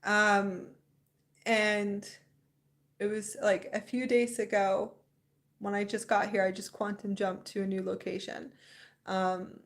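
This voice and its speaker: A young woman talks off the cuff on a spiritual livestream, rambling and excited. She laughs often as she chats, in a voice of ordinary pitch. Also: measured pace. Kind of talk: casual livestream chat.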